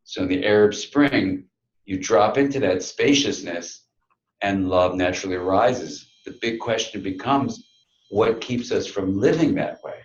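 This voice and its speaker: A middle-aged man giving a reflective talk to an audience, telling a story with quiet, dramatic pauses. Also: on the low side, echoey room, dull audio. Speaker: speaker.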